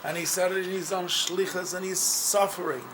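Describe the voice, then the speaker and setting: A rabbi telling a story to a group at a gathering, with loud chanted quotes. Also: male voice, sits high, normal speed, noisy background. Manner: lively, bursts into loud chanting when quoting. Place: gathering room with a crowd around the table.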